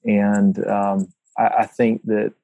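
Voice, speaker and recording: A man with a low, dark voice speaks earnestly, halting and restarting as he shares a vision. His tone stays flat and even, recorded close and dry. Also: vocal fry, dry recording, low-quality recording. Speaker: participant in a prayer call. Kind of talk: reflective sharing.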